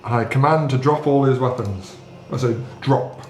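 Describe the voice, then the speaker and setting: A man at a middle pitch plays a tabletop game and sets out his turns and rolls in a brisk, matter-of-fact way. His voice carries an echoey room sound with faint noise behind it. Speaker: player.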